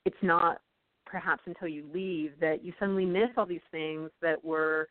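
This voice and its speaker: A woman from California speaks about her book as an interview guest. Her slightly low voice is thoughtful and full of small fillers. The audio is a thin phone line with no room sound. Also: steady tone, moderate pace, no echo. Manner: thoughtful, with frequent ums and you-knows. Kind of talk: casual interview talk.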